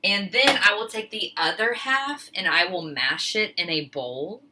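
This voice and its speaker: A woman's voice: mid-range voice, animated, measured pace, noisy background. A woman teacher talking casually through a home cooking demonstration in her kitchen, chatty and a bit flustered, poking fun at herself. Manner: chatty, self-deprecating, flustered. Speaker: teacher filming a cooking video.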